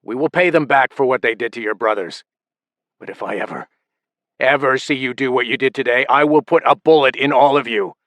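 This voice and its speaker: A man voicing a ruthless patriarch of a crime family who delivers slow, shouted threats. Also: mid-range voice, dry recording, close to an everyday voice. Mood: furious menace.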